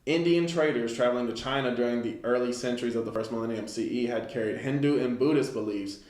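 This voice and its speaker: A man's voice: mid-range voice, fast, darkish tone. A man giving an informal Bible study lesson, reading a text aloud and commenting loosely with many fillers. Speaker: Bible teacher. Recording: echoey room.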